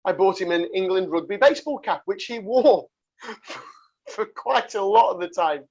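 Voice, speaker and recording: A man's voice: high voice, expressive, moderate pace, creaky, darkish tone, husky, lo-fi sound. A man hosting a casual rugby podcast, rambling through stories with laughs and swearing. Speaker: podcast host.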